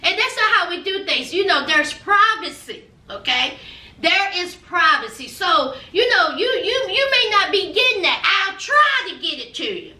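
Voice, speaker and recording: A woman's voice: extremely high pitch, sing-song, moderate pace, sharp tone, reverberant, far from the mic, exaggerated voice. A woman voicing a matter-of-fact lawyer who explains the rules firmly. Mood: lecturing. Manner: firm, lecturing.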